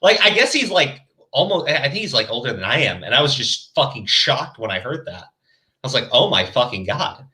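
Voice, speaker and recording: A man hosting a commentary podcast, chatting casually and profanely, animated and mocking as he quotes others. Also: mid-range voice, fairly quick.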